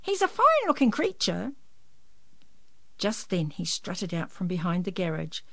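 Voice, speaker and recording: A woman with a lowish, gravelly voice reads a children's picture book aloud, telling the story in an expressive, lively way. There is no echo.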